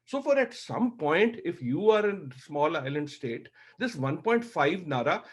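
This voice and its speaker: A middle-aged man giving impassioned panel remarks, emotional and emphatic, hammering points through repetition. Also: a little high.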